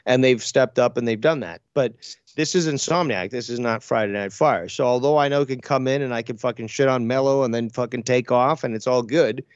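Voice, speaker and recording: A man's voice: medium pitch, a little fast, no echo. A man co-hosts a live comedy show in loose, rambling banter, trailing off and restarting as he swears his way through each thought. His voice sits in a middle register. The audio is muffled and dry, with no room sound at all. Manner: rambling, profane, hesitant restarts. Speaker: co-host. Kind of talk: casual call-in show banter.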